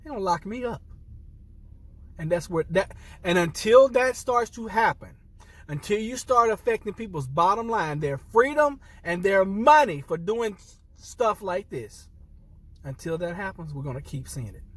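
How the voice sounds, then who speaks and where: Upset veteran man speaking to camera, husky, higher-pitched, a little off-mic. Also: lively intonation, moderate pace, a bit bright, no echo, far from the mic. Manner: earnest, emphatic, repeats and restarts phrases, addresses viewers as y'all. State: upset and near tears. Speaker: military veteran vlogger. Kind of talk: impassioned personal commentary to camera.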